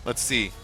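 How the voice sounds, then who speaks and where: A man streaming a racing game, rambling casually to his chat viewers with lots of fillers. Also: bright, forceful tone. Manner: rambling, chatty, many fillers, talks straight to chat viewers. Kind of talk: casual live-stream commentary while racing.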